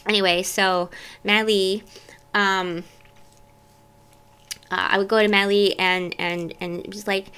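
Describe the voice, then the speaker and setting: Brief: woman vlogger with a smooth voice, telling her story candidly and meandering. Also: mid-range voice, little pitch movement, takes it slowly, pauses often, sharp tone. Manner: candid, meandering, self-interrupting. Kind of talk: personal storytelling to camera.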